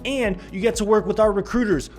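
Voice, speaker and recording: A man hosting a sales-career video, pitching directly to viewers in an upbeat, salesy way with sarcastic asides. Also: brisk, a little mellow, faint music behind. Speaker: sales recruiter and channel host.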